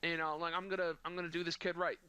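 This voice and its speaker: A man's voice: on the high side, flat delivery, fast, noisy background. A man telling a rambling, crude, mock-sentimental story in casual chat with friends. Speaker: podcast co-host telling a story.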